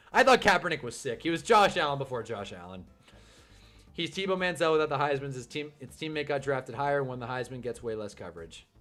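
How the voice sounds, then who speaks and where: A man's voice: fairly high pitch, a bit bright. A young man hosting a casual live stream, ranting about football and reading chat comments, swearing and laughing often. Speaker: livestream host reading chat.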